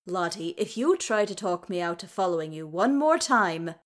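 A woman's voice: fairly low pitch, normal speed, lightly acted. A woman reading the part of a blunt, stubborn male dwarf who speaks directly. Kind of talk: audiobook character reading.

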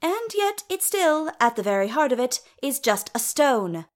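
A woman's voice: sits high, very animated, a little slow, pitched above the performer's own voice. Lady doing a sly teasing dwarf queen, sweet and bouncy, takes her time.

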